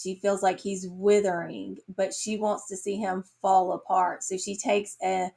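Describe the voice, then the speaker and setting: Slow, gravelly-voiced woman reviewing books. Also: mid-range voice, a little mellow. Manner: slow, earnest, emotional. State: tearful. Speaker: book reviewer. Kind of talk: casual book review vlog.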